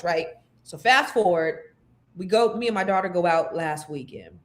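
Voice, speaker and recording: A woman's voice: lowish voice, brisk. A woman co-hosting a casual chat show, telling a funny personal story with lots of laughter. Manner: animated storyteller, laughing often. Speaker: co-host.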